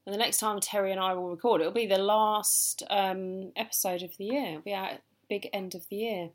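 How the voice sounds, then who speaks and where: A woman's voice: medium pitch, steady tone, moderate pace. A woman co-hosting a casual podcast chat, joking and giggling, rambling with lots of fillers. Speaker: podcast co-host.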